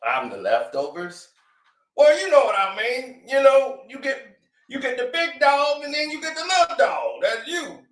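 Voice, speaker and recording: Man doing a pushy, loud older father, pitched high and shouting, with room echo. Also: big pitch swings, moderate pace, distant mic, heavily acted. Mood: brash. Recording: echoey room.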